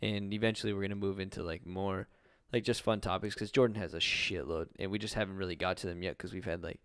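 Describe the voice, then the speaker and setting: A man co-hosting a laid-back podcast in casual chat, his voice low and smooth. He rambles along, cursing freely and leaning on "like" as filler, recorded dry and close. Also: steady tone, fast talker, fairly bright tone, dry recording. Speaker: podcast co-host. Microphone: webcam.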